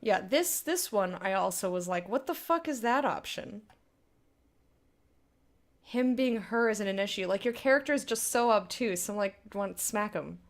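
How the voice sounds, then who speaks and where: A woman's voice: medium pitch, moderate pace, few pauses. A woman hosting a blind let's play, giving casual, emotional commentary on a game. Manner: emotional, chatty reactions.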